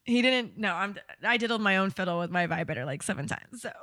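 A woman's voice: medium pitch, lively intonation, fairly quick, a bit bright, dry recording, studio quality. A woman co-hosting a casual chat, telling bawdy stories frankly and laughing often. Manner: candid, bawdy storytelling with frequent laughter. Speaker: podcast co-host.

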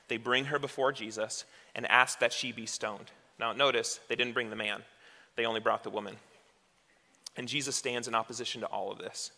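A man's voice: medium pitch, pushed and bright. A male pastor preaching a sermon in a conversational way, asking rhetorical questions as he goes. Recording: long hall reverb.

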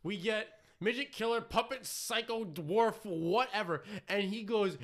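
Bright-voiced animated man recapping. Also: high voice, unhurried, hardly any pauses. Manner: profane, animated recapping with mock quotes. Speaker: podcast co-host. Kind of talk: casual review chat.

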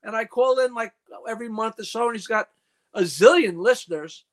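A man's voice: sits high, a little fast. An older man in his seventies from New York, a comedian guest in a casual call-in chat, rattling off dirty jokes and stories.

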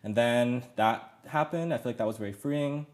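A man's voice: medium pitch, moderate pace. A man in his thirties, a podcast guest telling his story in a rambling casual chat full of fillers and restarts.

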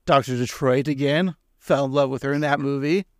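A man's voice: medium pitch, brisk, smooth, dry recording, clean studio sound. A man co-hosting a casual podcast, rambling and joking, laughing often. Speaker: podcast co-host.

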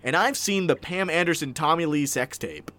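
A man's voice: fairly high pitch, lively intonation, moderate pace, bright, forceful tone, dry recording. A man co-hosting a casual chat, reading online reviews aloud with playful, dramatic flair. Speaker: podcast co-host.

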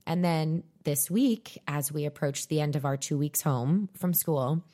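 A woman's voice: low voice, a little slow, warm tone. A woman in her thirties co-hosting a podcast, telling stories in a dry, self-mocking casual chat. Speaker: podcast co-host.

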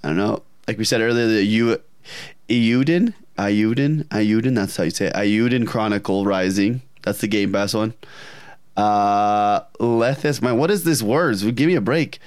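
A man co-hosts a casual gaming chat with a smooth, clear voice at an ordinary pitch. He talks in an animated way and laughs often. The sound is close and dry, with no room around it. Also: moderate pace, no room sound. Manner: animated, laughing, putting on silly voices in anecdotes. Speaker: podcast co-host.

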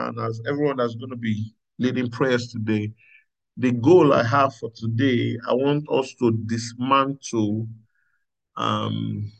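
A man's voice: mid-range voice, creaky, low-quality recording. A man pastoring a prayer meeting, preaching earnestly and repeating himself with frequent hallelujahs. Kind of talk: sermon.

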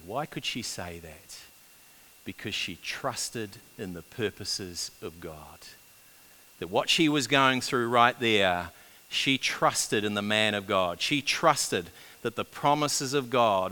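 A man preaching a sermon, swinging between loud urgent build-ups and hushed, quiet passages. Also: fairly low pitch, a little hiss or hum. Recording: long reverb of a large hall.

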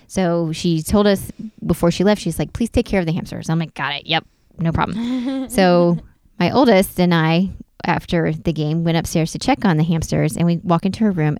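A middle-aged woman co-hosting a casual chat show, telling a story in an animated way and acting out the voices. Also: fairly low pitch, smooth, no room sound, studio quality.

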